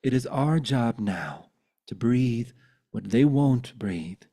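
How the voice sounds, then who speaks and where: A man leads a spiritual talk over a video call, unhurried and contemplative. His voice is mellow and warm, and he moves from reflection into a poetic recital. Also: mid-range voice, expressive. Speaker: spiritual teacher.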